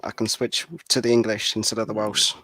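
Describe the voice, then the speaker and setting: A man's voice: fairly low pitch, monotone, fairly quick, pushed and bright, a little hiss or hum. A man in a casual podcast chat, laid-back and dismissive, talking in street slang. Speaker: podcast panelist.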